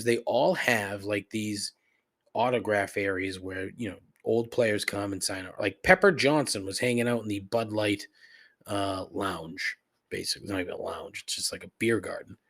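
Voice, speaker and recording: Male podcast host, casual profane rant, sardonic storyteller, mid-range voice. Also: mid-range voice.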